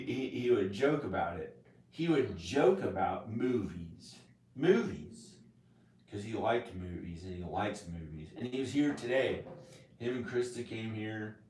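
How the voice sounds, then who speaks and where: Man vlogging, slow rambling delivery, topic-hopping, off-mic in a roomy space. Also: fairly low pitch, animated, far from the mic, slight background noise. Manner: rambling, jumps between topics, sudden loud laughing outbursts. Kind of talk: rambling casual monologue. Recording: echoey room, voice off mic.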